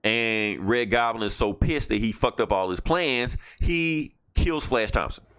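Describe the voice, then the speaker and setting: A man's voice: mid-range voice, a little slow, a bit bright, clear, resonant tone. A man hosting a podcast who casually retells a story, rambling and swearing freely. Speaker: podcast host. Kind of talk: casual chat.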